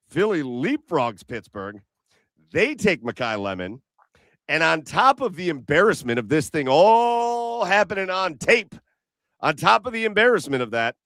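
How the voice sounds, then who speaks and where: A man's voice: fairly high pitch, fairly bright tone, dry recording. Blunt man telling a sports story dry. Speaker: podcast co-host. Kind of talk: casual sports chat over beers.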